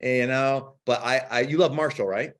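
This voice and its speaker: A man co-hosting a podcast in casual chat, excitable and quick to swear, acting out his own reactions. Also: medium pitch. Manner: excitable, rapid bursts, swears, acts out yelling. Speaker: podcast co-host.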